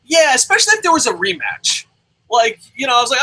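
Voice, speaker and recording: A young man hosts a casual live review by himself, reading viewer comments aloud. His voice is very bright and a little husky, and his pitch swings widely. He swears freely and jumps between loud outbursts and mumbled asides. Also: huge pitch swings, quick pace, poor audio. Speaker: show host.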